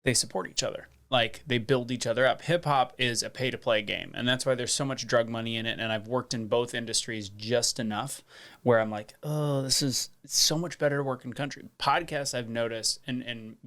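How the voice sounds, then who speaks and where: Man, podcast guest, blunt, swears freely, opinionated, mid-pitched. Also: steady tone, a little fast, fairly bright tone. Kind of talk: casual podcast chat.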